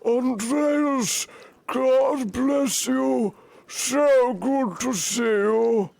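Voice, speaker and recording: A streamer voicing a cheerful, effusive old monk in a very high, drawn-out put-on voice. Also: male voice, creaky, a little mellow, heavily acted.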